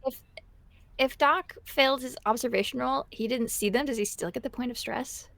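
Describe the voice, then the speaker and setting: Eager woman with a high voice, playing a tabletop game. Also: moderate pace, creaky, a bit bright, dry recording. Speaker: player. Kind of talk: casual tabletop play.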